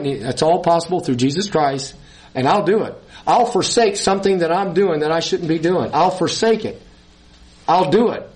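A man's voice: fairly high pitch, lively intonation, normal speed. A man preaching a sermon, reading scripture and stressing points with repeated words and short laughs.

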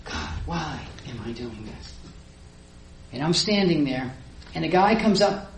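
A middle-aged woman gives a church testimony as an animated storyteller, acting out her own past conversations. Her voice rings with a roomy echo over a faint hiss of background noise. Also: deep voice, a little slow. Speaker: church speaker giving a testimony. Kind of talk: personal testimony.

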